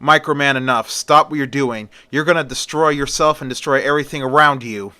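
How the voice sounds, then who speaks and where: A man's voice: medium pitch, a little fast, sharp tone, lightly acted. A man voicing a heroic strongman who speaks earnestly and steadily.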